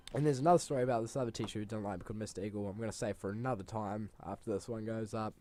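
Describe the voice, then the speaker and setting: A man's voice: lowish voice, steady tone, very fast, darkish tone, soft background music. A young man, a gaming channel host telling a rambling school story over gameplay, swearing freely and exaggerating.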